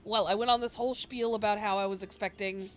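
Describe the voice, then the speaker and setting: A woman hosting a video game playthrough, chatting excitedly and laughing as she plays. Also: medium pitch, quick pace. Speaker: let's play host. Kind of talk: casual gameplay commentary. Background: game music.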